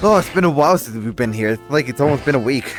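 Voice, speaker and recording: A man co-hosting a casual live stream, quick and jokey as he reads out comments from viewers. He talks at an everyday middle pitch. Faint music sits in the background. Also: expressive. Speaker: co-host.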